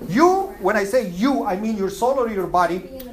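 A woman's voice: mid-range voice, lively intonation, moderate pace, a crowd in the background, rough recording. A woman teaching an Islamic class, asking her students questions and repeating her points. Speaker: religious teacher.

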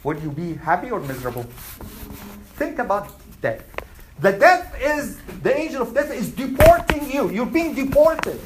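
A woman's voice: on the high side, big pitch swings, moderate pace, background noise. A woman teaching an Islamic class, asking her students questions and repeating her points. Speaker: religious teacher.

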